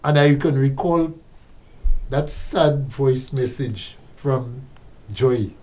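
A man co-hosts a casual talk show. His warm, mid-pitched voice carries earnest, emphatic commentary. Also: slow pace, low-quality recording. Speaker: co-host.

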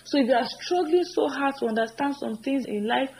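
Woman teaching grammar, slow emphatic examples. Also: sits high, animated, vocal fry, a little mellow, a little hiss or hum, poor audio. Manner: repeats example sentences slowly and emphatically; earnest, encouraging. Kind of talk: spoken grammar lesson.

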